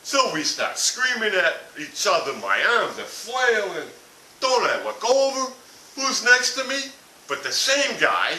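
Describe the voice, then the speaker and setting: A man's voice: fairly high pitch, sharp tone. A man telling a blunt, profane comic rant about a family vacation. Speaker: comedic ranter. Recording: echoey room from far off with hiss.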